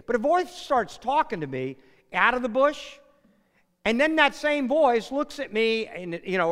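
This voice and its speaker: A man delivers a sermon like a conversation, retelling a story and acting out the lines. His voice sits high and moves a lot in pitch. A long hall reverb trails every phrase. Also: fairly bright tone. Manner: conversational storytelling with acted quotes and asides. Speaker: preacher.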